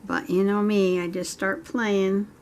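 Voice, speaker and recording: A woman's voice: medium pitch, little pitch movement, a little slow, a little mellow, slight background noise. A woman vlogger chatting casually to herself and viewers as she works on a craft project at home. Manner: chatty, thinking aloud while working.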